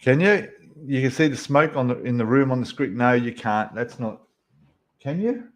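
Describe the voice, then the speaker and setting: A man's voice: medium pitch, lively intonation, normal speed. A man hosting a casual livestream, greeting viewers by name as he reads the chat, with frequent ums and restarts. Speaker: livestream host.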